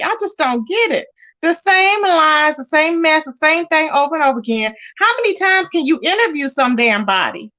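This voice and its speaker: A woman hosts a casual gossip livestream, speaking in a high voice. She is sassy and emphatic, and she greets her chat viewers as baby between her rants. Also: bright, forceful tone.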